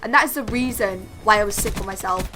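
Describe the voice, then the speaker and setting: A woman's voice: medium pitch, fast talker, music in the background. A young woman telling a chatty story to camera, full of "like" and "literally". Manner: chatty, constantly says "like" and "literally". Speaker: vlogger. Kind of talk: storytime monologue.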